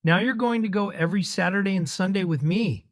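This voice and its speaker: A woman's voice: a little fast, lightly acted. A man doing a chipper, scolding churchgoing mom. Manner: chipper, scolding, raised higher voice. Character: fussy devout middle-aged mother.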